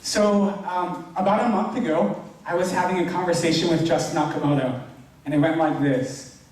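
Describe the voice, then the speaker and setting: Earnest young preacher in an echoey hall. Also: male voice, fairly high pitch, fairly even intonation, normal speed, a little mellow. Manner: casual, earnest, heavy use of "like". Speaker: youth pastor. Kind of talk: informal sermon. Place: church hall. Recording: very echoey hall, distant mic.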